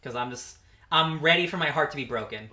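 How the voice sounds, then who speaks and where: A young man co-hosting a podcast in casual chat, excitable and full of questions. His voice is slightly high and very bright, with a tense, forward edge. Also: a little fast. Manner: excitable, asks questions, frequent fillers like "like". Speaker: podcast co-host.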